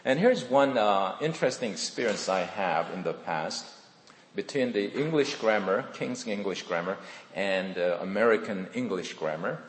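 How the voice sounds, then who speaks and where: A middle-aged pastor with a Korean accent preaches in a lively, sing-song way, his pitch sitting a little low. He chats and makes self-deprecating asides to the congregation. His voice rings through a large church hall with a long, hanging echo. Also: moderate pace. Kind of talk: sermon. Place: church sanctuary. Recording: echoey hall with long reverb.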